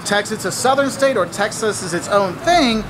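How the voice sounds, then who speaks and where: A man's voice: sits high, moderate pace. Man, travel vlogger, explanatory and teasing, street sounds around. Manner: lively, wry, explanatory. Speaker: travel video host. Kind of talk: travel vlog commentary. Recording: outdoor clip with street noise. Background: traffic and street ambience.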